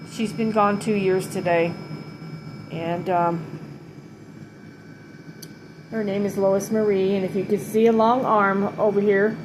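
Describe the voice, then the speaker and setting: A middle-aged woman talks slowly and haltingly at home, often pausing, restarting and holding back tears as she remembers her mother. She sounds tired. A steady hum of air conditioning sits clearly under her voice. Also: medium pitch. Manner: halting, tearful, many pauses and restarts. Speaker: vlogger giving a tribute to her late mother. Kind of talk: emotional personal vlog.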